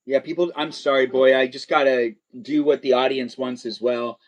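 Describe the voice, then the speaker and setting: A man hosting a casual live stream, chatting and teasing his guests and viewers in an easygoing way. His voice sits at an ordinary middle pitch. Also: steady tone, normal speed, highs cut off.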